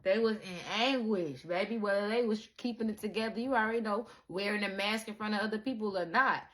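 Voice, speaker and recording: A woman giving a casual spiritual monologue to her viewers, animated and profane, calling the listener baby and acting out the people she quotes. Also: mid-range voice, fairly quick. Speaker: spiritual content creator.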